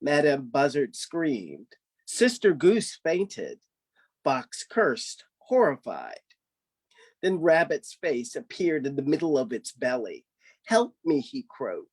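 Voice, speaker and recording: A man's voice: medium pitch, big pitch swings, slow pace, breathy edge. A man reading his own folk-tale story aloud, narrating animatedly.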